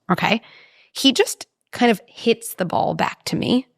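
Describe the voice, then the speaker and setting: A woman talking as a parenting psychologist in an interview, animated and explaining with vivid examples. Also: fairly high pitch, normal speed, gravelly, no room sound, studio quality. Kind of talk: conversational interview.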